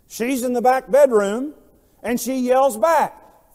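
A man preaching a sermon, telling stories and swinging between quiet, low passages and loud, emphatic lines. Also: slow pace, big-room sound. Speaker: pastor.

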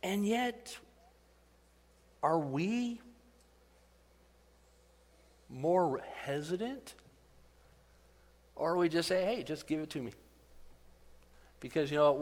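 A middle-aged man preaching in a church hall, his fairly high voice trailing off into a long reverb. He talks to the congregation like friends, mixing asides with rising, animated emphasis. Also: takes it slowly, long pauses. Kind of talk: sermon.

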